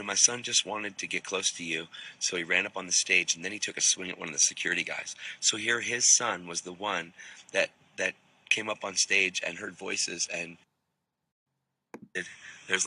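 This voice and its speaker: A man with a low, deep voice and a tense, sharp edge to it, telling a testimony in a loose, casual way. He rambles and restarts his sentences, and often drops in "man". His voice sounds a little husky. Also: fairly even intonation, normal speed, low-quality recording. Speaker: Bible teacher.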